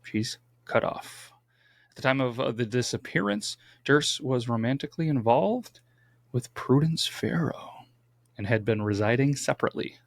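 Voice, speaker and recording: Man, gravelly mid-pitched voice, dry sound, casual true crime narration, wry comments. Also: expressive, moderate pace, dry recording. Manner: reads case notes, adds wry asides. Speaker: podcast co-host.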